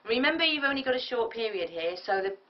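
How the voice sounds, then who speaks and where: A woman, a public speaking coach giving a tutorial lecture in a lively, emphatic way and acting out example lines. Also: a little high, fast. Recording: distant mic, dull lo-fi sound.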